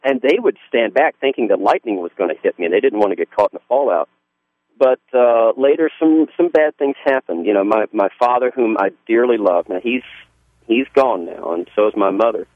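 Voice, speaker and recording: A man's voice: lowish voice, animated, brisk, no room sound. A Southern-accented pastor tells his story in an earnest, folksy way, stopping and restarting as he goes. His voice comes through a thin, phone-like line. The sound is close and dry. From Southern US (Georgia). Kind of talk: testimony in a radio interview.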